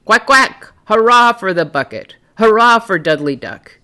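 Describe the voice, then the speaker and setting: A woman voicing a cheerful, boastful male duck in a storybook read-aloud, in a raised, bright voice. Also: lowish voice, sing-song, normal speed. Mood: triumphant.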